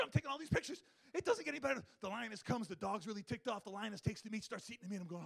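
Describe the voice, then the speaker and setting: A man with a husky, bright edge to his voice tells a wildlife story to a crowd. He races along and leaps up and down in pitch, acting out his own excitement and the animals as he goes. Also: racing. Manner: excitable, acts out his own thoughts and the animals in big swings of voice. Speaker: wildlife photographer giving a talk. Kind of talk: animated storytelling talk to an audience.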